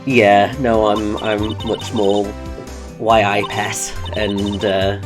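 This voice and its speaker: A man's voice: on the low side, flat delivery, very slow. Chatty man from the English Midlands. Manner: chatty, explanatory, digressive. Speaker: co-host of a game playthrough. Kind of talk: casual chat. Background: game music.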